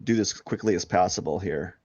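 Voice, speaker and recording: While painting on a live stream, a man with a fairly low voice chats off the cuff, wandering through his thoughts, stopping and restarting sentences with lots of fillers, and laughing at his own situation. His tone is brisk and darkish with a breathy edge. The sound is dry, dull, and lo-fi, like a home setup, with no echo.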